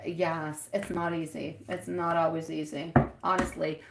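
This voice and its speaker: A woman's voice: deep voice, little pitch movement, measured pace, gravelly. A woman hosting a live tarot reading, chatty and giggly, calling her viewers sweetie and my love. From France.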